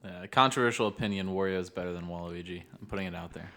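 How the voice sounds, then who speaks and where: Low-voiced, dry podcast co-host. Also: male voice, quick pace, pushed and bright. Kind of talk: casual podcast chat.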